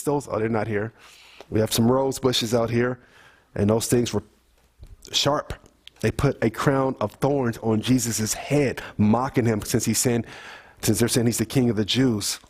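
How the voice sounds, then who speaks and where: A man's voice: high-pitched, darkish tone. A man reading scripture aloud at home and stopping to explain it in an informal, emphatic way, with frequent restarts. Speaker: Bible study leader. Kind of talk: informal family Bible reading and commentary.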